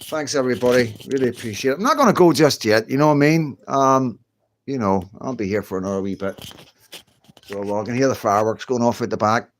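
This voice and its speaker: A man's voice: medium pitch, expressive, fast talker. A middle-aged man, chatting casually on a livestream from home, reassuring and conversational. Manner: chatty, reassuring, keeps saying "you know what I mean". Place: at home, indoors.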